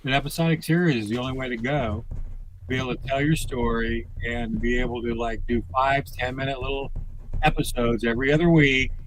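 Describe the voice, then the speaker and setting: A man's voice: mid-range voice, steady tone, brisk, noisy background. A man guesting on a podcast, telling stories bluntly with plenty of swearing in casual conversation. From United States. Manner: profane, blunt storytelling.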